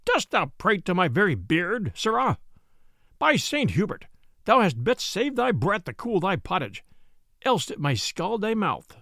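A man's voice: high-pitched, sing-song, measured pace, creaky, fairly bright tone, no echo, studio quality, exaggerated voice. A man voicing a greedy, pompous, hot-tempered prior in a storybook reading, gloating and quivering with anger. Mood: angry.

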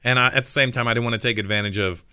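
A man's voice: mid-range voice, steady tone, racing, bright, forceful tone, smooth, dry recording, clean studio sound. A man being interviewed as a guest, telling stories in a laid-back way and laughing often. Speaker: guest comedian and actor. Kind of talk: relaxed interview chat.

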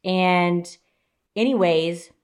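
A woman's voice: on the low side, very slow, clear, resonant tone. A young woman co-hosting a podcast, telling stories in casual, swearing chat and acting out quotes. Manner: animated storytelling, swearing, acts out quotes. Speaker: podcast co-host.

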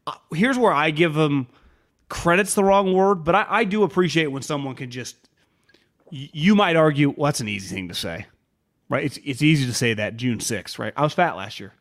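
Animated man on a sports podcast. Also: fairly high pitch, moderate pace. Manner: animated, quotes players in mock voices, many restarts. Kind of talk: casual sports talk.

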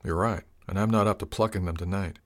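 A man voicing a gentle older village woman who works as an herb healer, speaking kindly and a little self-mockingly. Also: deep voice, fairly even intonation, fast talker, dry recording, studio quality, lightly acted.

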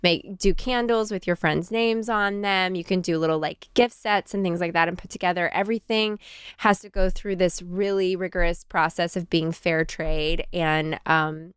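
A woman co-hosting a chatty podcast, raving about her favourite gift ideas and leaning on frequent ums between thoughts. Her voice sits low and sounds exceptionally smooth and resonant. The recording is dry and close, with no room around it. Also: steady tone, normal speed, no room sound. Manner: gushing, enthusiastic, frequent ums. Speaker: podcast co-host. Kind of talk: casual chat recommending gifts.

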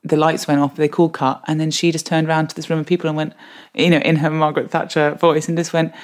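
A woman guest telling a comic anecdote in a lively, self-mocking way, often laughing. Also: deep voice, quick pace. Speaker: podcast guest.

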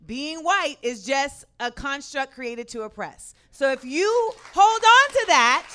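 A woman on a panel giving an emphatic, animated opinion in casual chat. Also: a little high.

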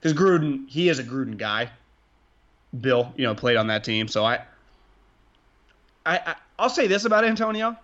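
A man co-hosting a casual sports podcast, rambling, excitable and profane as he talks. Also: mid-range voice, normal speed, pauses often, lo-fi sound. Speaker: podcast co-host.

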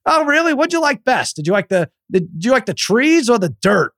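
A man putting on the voice of a pushy, nutty friend who needles a young man with repeated high-pitched questions. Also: big pitch swings, a little fast, gravelly, fairly bright tone, slight background noise, full character voice. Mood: badgering. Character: pushy loud middle-aged male friend.

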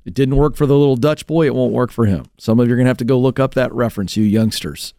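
A male radio host giving fired-up talk show commentary, animated and mocking as he mimics others. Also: mid-range voice, fast, no echo, clean studio sound.

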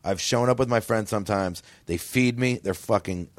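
A male comedian talks as a guest in a relaxed, conversational way, swearing casually as he goes. His voice is fairly low. It is recorded dry and close. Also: normal speed, dry recording. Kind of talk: casual chat.

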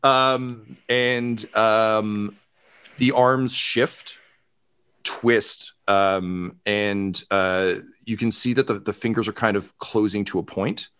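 A man runs a tabletop game in a loose, casual way. His voice sits low and he fills pauses with ums and uhs. He narrates scenes with easy humor. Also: fairly even intonation, fairly bright tone, clean tone. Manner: casual, filler-heavy, laughing. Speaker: game master.

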